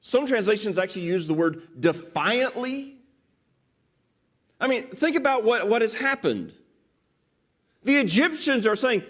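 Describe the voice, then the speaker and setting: Male preacher, high and very lively voice, dramatic delivery acting out quotes. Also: normal speed. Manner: expressive, rises and drops pitch for emphasis. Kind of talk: sermon.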